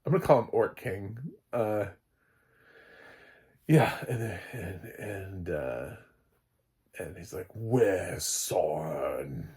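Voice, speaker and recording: Man, casual TV review, rambling, laughing, fillers, lowish husky voice, lively pitch. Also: takes it slowly, long pauses. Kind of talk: casual solo review chat.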